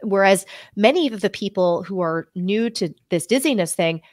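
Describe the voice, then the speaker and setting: A woman's voice: medium pitch, animated, normal speed, a little mellow. Woman host asking probing questions. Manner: engaged, probing questions with frequent affirmations. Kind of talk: interview.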